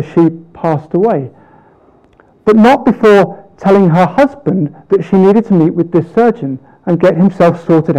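A man preaching a sermon, earnest, with rhetorical questions and slow, emphatic pauses. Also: high voice, mellow, lo-fi sound.

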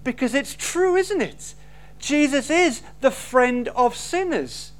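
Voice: high voice, lively intonation, slow. A preacher delivers a sermon in an emphatic way. The speaker builds each point with rhetorical questions and stresses key words.

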